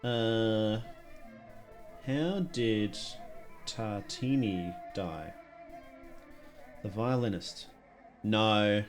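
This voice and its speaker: A man's voice: on the low side, extremely slow, long pauses, soft background music. A man streaming a live reaction, thinking aloud with curious, enthusiastic comments and musing questions. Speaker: streamer reacting to a horror series.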